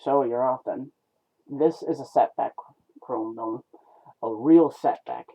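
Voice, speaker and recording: A man reading a comic aloud, voicing a blunt, gruff older male robot medic who grumbles at a colleague. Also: mid-range voice, slow, warm tone, exaggerated voice. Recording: tinny phone-like lo-fi sound.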